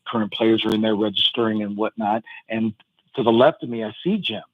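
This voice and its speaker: Halting male caller on a dull line. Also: lowish voice, no room sound. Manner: rambling, halting, full of fillers and restarts. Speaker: caller sharing a fan memory. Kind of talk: casual phone-in storytelling.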